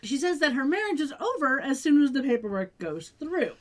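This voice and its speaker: A woman co-hosting a podcast, retelling a TV episode in relaxed, agreeable casual chat. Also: high-pitched, a little fast. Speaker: podcast co-host.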